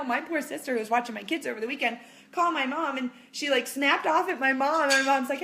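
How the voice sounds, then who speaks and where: A woman in her thirties chatting casually to camera as a mom vlogger, reassuring viewers and acting out quotes in animated voices. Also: high-pitched, quick pace.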